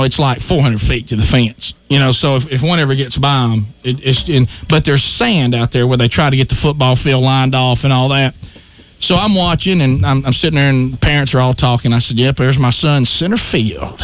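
A man hosting a talk radio show, telling an animated story and acting out his own shouts. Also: medium pitch.

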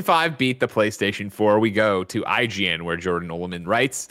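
A man hosting a casual podcast, talking in an animated, emphatic way with loud outbursts. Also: on the low side, moderate pace, few pauses. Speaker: podcast host. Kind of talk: casual podcast chat and news reading.

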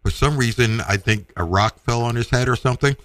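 A middle-aged man casually telling a personal story, with halting restarts and acted-out quotes. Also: mid-range voice, a bit bright, no echo. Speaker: storyteller guest.

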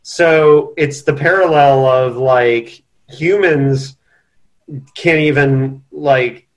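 A man's voice: mid-range voice, very slow. Podcast co-host, male, mid voice, earnest, restarts a lot mid-thought. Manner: earnest, thinks aloud with restarts. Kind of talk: casual book discussion.

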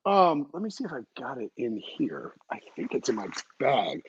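A man's voice: mid-range voice, very animated, moderate pace, dull audio, slight background noise. A man hosting a sports podcast, chatting casually in a rambling way with many fillers and restarts. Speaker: podcast host. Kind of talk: casual chat.

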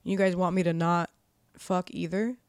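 A woman's voice: fairly low pitch, fairly even intonation, normal speed, darkish tone, clear, resonant tone, dry recording, studio quality. A woman in her twenties, a podcast guest, telling stories in casual talk, swearing often, leaning on "like" and acting out quoted dialogue. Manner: profane, heavy use of "like". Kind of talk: casual storytelling.

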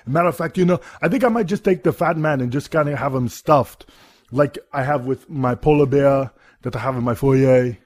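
A man's voice: mid-range voice, moderate pace, darkish tone, no echo, natural voice. A man doing a comic impression of a self-important Austrian action-star governor, boasting in a thick put-on Austrian accent. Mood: menacing. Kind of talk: comedy sketch monologue.

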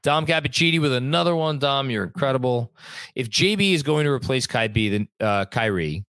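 A man's voice: medium pitch, lively intonation, brisk, a bit bright, dry recording. Chatty man hosting a sports stream. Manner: rambling, frequent restarts and swearing, chatty. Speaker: sports podcast host reading viewer comments. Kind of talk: casual live-stream chat. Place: home room at a computer.

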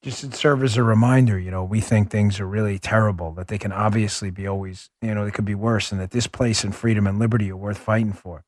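A man's voice: on the low side, steady tone, fast talker, hardly any pauses, darkish tone, no room sound, studio quality. A man in his forties hosting a podcast, telling stories in a casual, conversational monologue with many restarts. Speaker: podcast host.

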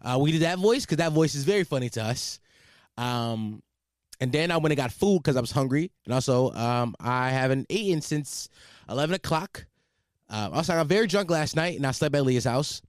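A young man hosting his own podcast, talking in a loud, profane and rambling way from home at night. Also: fairly high pitch, animated, normal speed, dry recording, studio quality. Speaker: podcast host. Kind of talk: casual solo podcast chat.

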